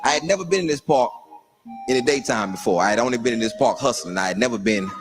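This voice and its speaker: A man telling a funny story in a lively way, acting out the people in it. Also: mid-range voice, fast, soft background music. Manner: animated, acts out the other people in his story. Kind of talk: comedic storytelling.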